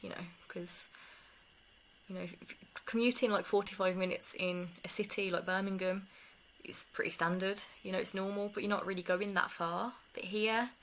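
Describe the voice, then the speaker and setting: A woman talking candidly to camera in a rambling, confiding way, laughing softly between thoughts. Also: mid-range voice, fairly even intonation, moderate pace, a little hiss or hum, low-quality recording. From England. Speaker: vlogger. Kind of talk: casual talk to camera.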